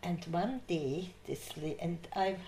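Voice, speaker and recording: An older woman shares memories in an unhurried, lower-pitched voice, laughing as she tells her anecdotes. The recording has a noticeable room echo around her. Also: slight background noise. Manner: lively anecdotal, laughs through her stories. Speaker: interviewee. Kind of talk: oral history storytelling. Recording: echoey room.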